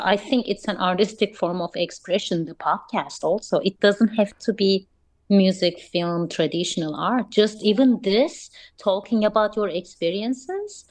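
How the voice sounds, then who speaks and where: Brief: woman, mid-pitched, earnest and encouraging interview guest. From Turkey. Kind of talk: casual interview chat.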